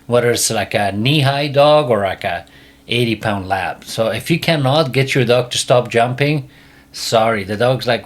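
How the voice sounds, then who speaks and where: Giving dog training advice on his casual podcast, a man speaks at a moderate pace, emphatic and repetitive, and often lets his voice drop low and quiet.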